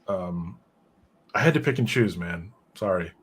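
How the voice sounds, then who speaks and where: A man's voice: low-pitched, lively intonation, unhurried, slight background noise. A man hosting a casual comic book discussion who rambles and drifts into side notes. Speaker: podcast host reviewing comics.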